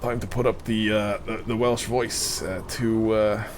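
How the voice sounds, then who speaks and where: A man's voice: on the low side, fairly even intonation, unhurried, a little hiss or hum. A man streaming a game live, chatting casually in a rambling, self-correcting way into a streaming mic.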